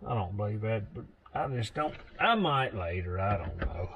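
A man's voice: on the low side, expressive, normal speed, gravelly, narrow, tinny audio. Man, Southern US accent, casual DIY vlog, folksy and chatty, a bit out of breath, faint background noise. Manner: folksy, chatty, addresses viewers as y'all. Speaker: vlogger.

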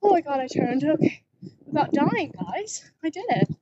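A woman's voice: sits high, very animated, normal speed, very noisy. A woman cosplay vlogger talking casually while riding a bike outdoors. She is nervous and keeps exclaiming, and is recorded on a phone strapped to the bike. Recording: dull lo-fi phone audio.

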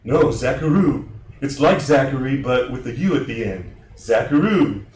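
A man's voice: mid-range voice, lively intonation, normal speed, darkish tone, close to an everyday voice. A man voicing a chirpy, friendly young male coworker who talks eagerly in a stage reading. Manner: eager, chatty. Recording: roomy, distant mic.

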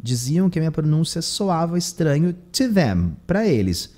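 Mellow Brazilian man translating a lesson. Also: on the high side, very animated, brisk. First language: Brazilian Portuguese. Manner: translates line by line, tags phrases with "tá?". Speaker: English teacher and host. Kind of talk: bilingual lesson, translating into Portuguese.

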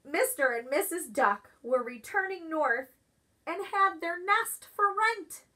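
Bright-voiced woman reading to preschoolers. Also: high-pitched, slow pace. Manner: expressive, asks children questions. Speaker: preschool teacher. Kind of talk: storybook read-aloud for preschoolers.

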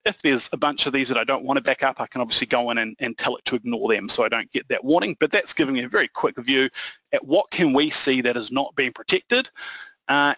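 A man presenting a software product demo in a conversational, explaining manner with frequent fillers. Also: medium pitch, no room sound, rough recording.

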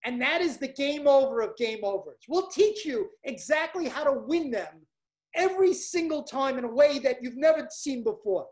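High-pitched, punchy Brooklyn woman coach. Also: animated, moderate pace, darkish tone. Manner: emphatic, punchy, hyped-up. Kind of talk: seminar sales pitch.

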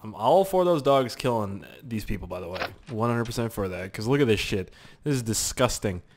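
A young man giving casual, profane gameplay commentary with sudden loud outbursts. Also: fairly low pitch, lively intonation, fairly quick, slight background noise.

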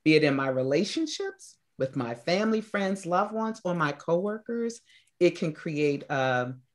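A woman meditation coach who talks things through in a reflective, explanatory way. She lays out her ideas with everyday examples and strings of short points, at an unhurried conversational rhythm. It sounds like a guest answering questions in an interview. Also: lowish voice, big pitch swings.

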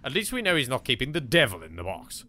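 A man's voice: mid-range voice, wildly swooping pitch, quick pace, bright, forceful tone, a little hiss or hum. An Englishman hosting a let's play, chatting casually and joking as he talks to objects in the game and swears now and then. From England. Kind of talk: casual gameplay commentary.

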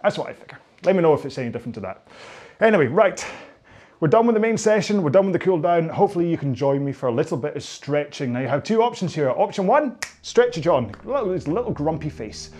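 A man's voice: a little high, expressive, fast talker, warm tone. A man in his forties with a Scottish accent, coaching a stretching routine in a chatty, joking, self-mocking way. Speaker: indoor rowing coach. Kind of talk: guided stretching class, casual chat.

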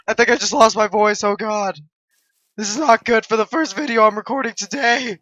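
A young woman hosting a gaming video, giving live gameplay commentary full of playful trash-talk, sudden yelps and shouts. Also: on the high side, steady tone, moderate pace.

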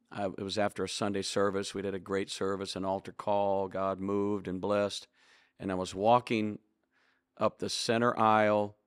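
Earnest older pastor, low dry voice. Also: male voice, gravelly, dry recording. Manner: earnest, preacherly, acts out quoted dialogue. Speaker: pastor and author. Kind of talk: reflective storytelling interview.

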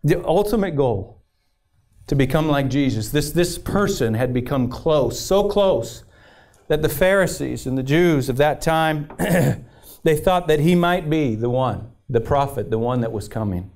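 A man's voice: a little high, animated, unhurried, a little mellow. A man preaching a sermon with passion, repeating phrases and reading scripture aloud. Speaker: pastor.

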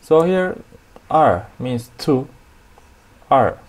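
A man with a Turkish accent teaching a language lesson at a whiteboard, explaining slowly and repeating each new word. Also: mid-range voice, lively intonation.

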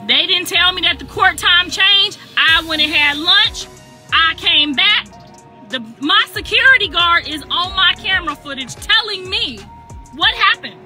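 A high-voiced, very bright middle-aged woman rants on a phone livestream. She is emphatic and sassy and keeps repeating herself. Faint music plays underneath. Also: expressive, unhurried.

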